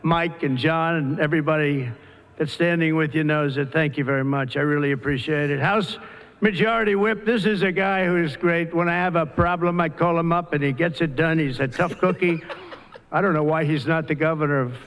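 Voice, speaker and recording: A man's voice: a little high, moderate pace, fairly bright tone, rough recording. Older man rambling through a speech. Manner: rambling, repetitive praise. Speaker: politician giving a speech. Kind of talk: political speech.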